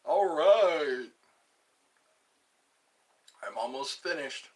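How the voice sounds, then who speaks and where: A man hosting a casual livestream, chatting slowly and rambling while greeting viewers and answering comments as he eats. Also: a little high, lively intonation. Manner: slow, rambling, chatty, restarts words, eating while talking. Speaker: livestream host. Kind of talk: casual live chat reading comments.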